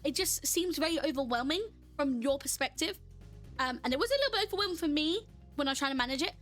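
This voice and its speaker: Chatty high-voiced woman streamer. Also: expressive, quick pace, fairly bright tone, faint music behind. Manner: chatty, laughing, reads out and answers chat. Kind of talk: casual live-stream chat while gaming.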